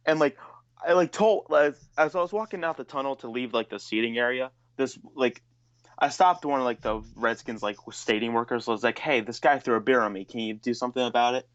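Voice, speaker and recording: Brisk and clean-toned in an ordinary middle register, a podcast co-host tells a long story and rants, swearing plenty. His voice comes through a dull, slightly lo-fi recording lacking top end, and the talk is loose and casual.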